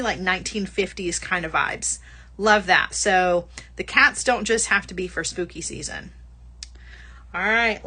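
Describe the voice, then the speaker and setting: A woman's voice: medium pitch, pushed and bright. A woman hosting a casual livestream product showcase, chatty and bubbly, laughing often and gushing over small items. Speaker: host.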